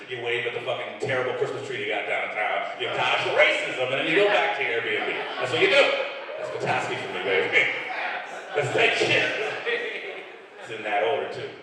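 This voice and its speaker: A man's voice: medium pitch, sharp tone, far from the mic. A middle-aged man from Detroit doing a profane stand-up set on a club stage, acting out the people he quotes. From Detroit, USA. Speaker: stand-up comedian. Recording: echoey club hall picked up from afar.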